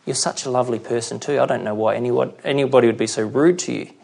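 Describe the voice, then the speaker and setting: A man doing a soft, consoling church friend. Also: medium pitch, fairly even intonation, fast talker, vocal fry. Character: sympathetic churchgoer soothing a friend quietly.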